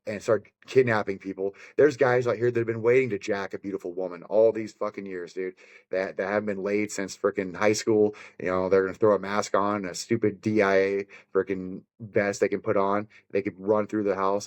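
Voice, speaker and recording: A fired-up man on a podcast, rambling and cursing his way through his points. His voice sits on the low side. He talks in an easy, conversational way. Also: fairly even intonation, moderate pace. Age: adult with children. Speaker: podcast guest, bare-knuckle fighter.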